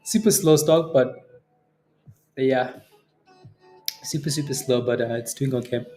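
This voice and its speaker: A man hosting a day-trading livestream, chatting casually with viewers between market remarks, relaxed, with frequent fillers and chuckles. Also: mid-range voice, measured pace, soft background music. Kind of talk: casual livestream chat reading viewer comments.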